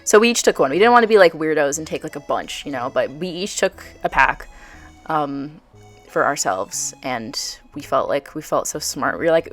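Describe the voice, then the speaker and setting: A young woman narrating a video game build in a casual, bubbly voice-over, full of "like" and quick asides. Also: low-pitched, animated, soft background music. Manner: chatty, bubbly, filler-heavy with frequent "like".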